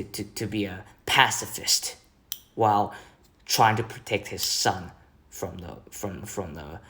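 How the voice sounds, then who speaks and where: Slow, rambling low-voiced man. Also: fairly bright tone. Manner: rambling and hesitant, restarting words. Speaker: streamer host. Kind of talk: casual chat.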